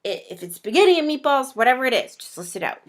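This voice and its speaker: A young woman with a high, sing-song voice talks fast in a casual talking-head meal planning tutorial. Chatty and playful, she acts out viewers' reactions using little voices.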